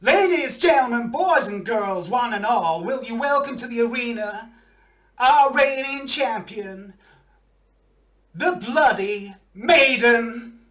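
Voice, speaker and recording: A man voicing a theatrical male carnival arena announcer with booming showman patter. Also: animated, slow, fairly bright tone, exaggerated voice.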